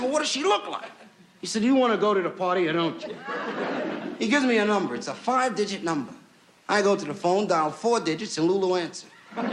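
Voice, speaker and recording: A man performing a stand-up comedy story, acting out the people in it with lively voices. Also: high voice. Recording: noisy old television recording.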